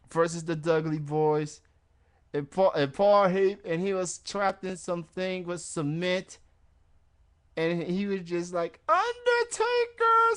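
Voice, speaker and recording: A man hosting a wrestling radio show in casual chat, rambling and laughing at his own jokes. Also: sits high.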